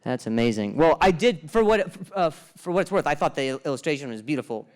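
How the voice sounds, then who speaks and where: A man doing stand-up crowd work on a club stage into a handheld mic, with a stutter, quick self-deprecating quips and low muttered asides. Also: expressive, a little mellow. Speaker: stand-up comedian.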